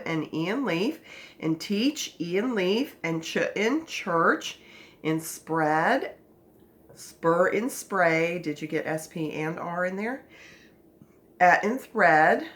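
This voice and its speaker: Woman phonics teacher, animated sing-song delivery, patient and encouraging with young kids. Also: fairly low pitch. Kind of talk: teaching a children's phonics lesson.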